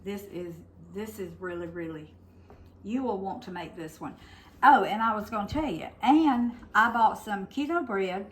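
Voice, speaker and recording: A woman's voice: mid-range voice, normal speed. An older woman, hosting a casual home cooking demo in her kitchen and chatting straight to her viewers. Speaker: cooking show host.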